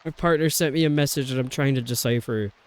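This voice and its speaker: A man with a mid-range voice talks quickly while streaming a video game, chatting casually and rambling with plenty of fillers.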